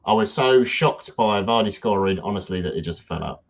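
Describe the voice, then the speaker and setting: A man's voice: fairly low pitch, normal speed, creaky, lo-fi sound. A man, co-hosting a casual football podcast in a blunt, chatty way. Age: 30s. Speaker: podcast co-host.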